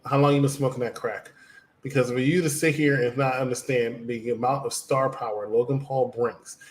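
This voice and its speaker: A man's voice: medium pitch, fairly even intonation, normal speed, slight background noise. A man co-hosting a wrestling review show, teasing his co-host with contrarian jabs. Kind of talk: casual banter.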